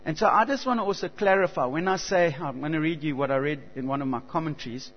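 A man preaching a sermon, earnest and halting, with frequent restarts and swells of emphasis. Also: on the high side. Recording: dull lo-fi recording with long hall reverb and mains hum.

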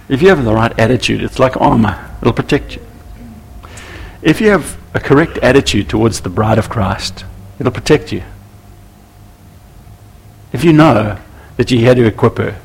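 A man preaching a sermon to church leaders, animated and acting out little scenes with voices. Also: medium pitch, normal speed, gravelly, pauses often, slightly rough. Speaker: pastor.

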